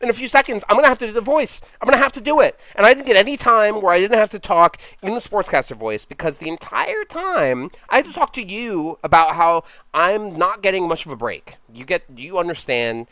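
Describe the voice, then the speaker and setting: Young man, game streamer, casual rambling rants, fairly high and bright. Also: very animated, brisk, few pauses, dry recording. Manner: rambling, exasperated banter with crude jokes. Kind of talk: casual live-stream chat.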